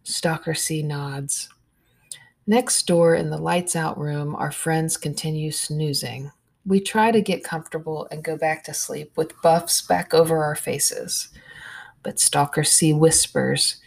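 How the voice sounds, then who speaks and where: A woman narrating a first-person story in a hushed, measured way, with soft whispered asides. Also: sits low, gravelly.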